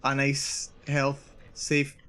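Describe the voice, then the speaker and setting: Male streamer, mid-pitched, nervously self-narrating through a horror game, repeats lines when scared. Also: monotone, extremely slow, sharp tone, smooth. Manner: jittery, repeats himself, narrates his own nerves. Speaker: VTuber streamer. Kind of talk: live horror gameplay commentary.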